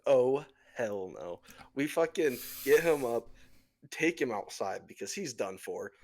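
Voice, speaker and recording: A young man co-hosting a podcast, talking loosely and swearing freely as he tells a story. He has a middle-pitched voice and an easygoing, offhand delivery. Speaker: podcast co-host. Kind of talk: casual chat.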